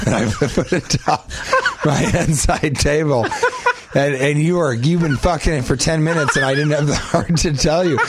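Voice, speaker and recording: A young adult man co-hosting a comedy podcast, telling absurd stories in a deadpan way and breaking into shrieking voices. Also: mid-range voice, noisy background. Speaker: podcast co-host.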